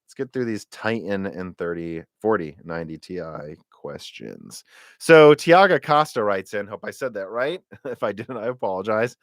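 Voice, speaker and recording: A man hosting a live tech Q&A stream, talking in an animated, rambling way and often correcting himself mid-sentence. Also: lowish voice, moderate pace, no echo, clean studio sound. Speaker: tech podcast host.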